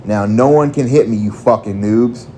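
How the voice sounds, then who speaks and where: A man's voice: on the low side, normal speed, dark tone, a little hiss or hum, natural voice. A man voicing a crude young woman who plays a Flareon, talking trash with swearing. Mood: brash. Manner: crude, brash trash talk. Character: foul-mouthed young woman posing as a Flareon.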